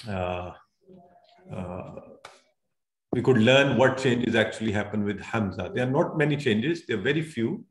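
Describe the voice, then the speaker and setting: A man teaches an online Arabic grammar class, patiently explaining, drilling the students, and calling on them by name. His voice is medium-pitched, and the sound is roomy.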